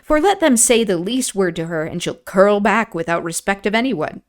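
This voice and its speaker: A woman streamer reading a classic novel aloud, breaking off for relaxed, chatty asides. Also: mid-range voice, moderate pace. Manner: relaxed, chatty asides and laughter between passages.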